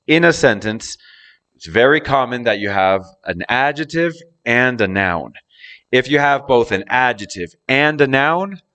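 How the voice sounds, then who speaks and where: A man teaching English pronunciation, explaining with drawn-out words and exaggerated stress on key words. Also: on the low side, fairly bright tone. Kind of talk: slow, deliberate lesson explanation.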